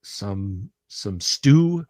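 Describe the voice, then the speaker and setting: A man's voice: fairly low pitch, animated, very slow, darkish tone, dry recording, clean studio sound. A man running a tabletop game on a livestream, talking in a casual, friendly way and often repeating words as he goes. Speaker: game master.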